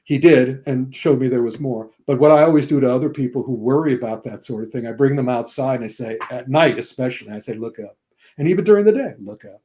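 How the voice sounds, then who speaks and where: A man's voice: mid-range voice, fast talker, few pauses. An older man talking casually about films on a podcast, telling stories at length and acting out the lines people say. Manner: animated storyteller, acts out quotes in different voices. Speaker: regular guest film expert.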